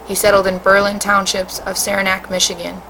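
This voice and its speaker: A woman, a teacher, reading a storybook aloud in a steady, expressive way. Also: mid-range voice, fairly quick, slight background noise, poor audio.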